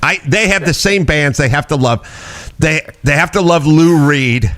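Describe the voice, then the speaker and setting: A man's voice: a little high, measured pace, fairly bright tone. A middle-aged man hosting a casual talk show, ranting bluntly and profanely with mock quotes. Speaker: podcast host. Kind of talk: casual chat.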